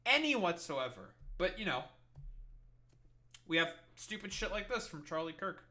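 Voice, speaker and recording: A man's voice: high voice, sing-song, normal speed, sharp tone. A man giving an angry, profane and sarcastic political commentary while reacting to clips.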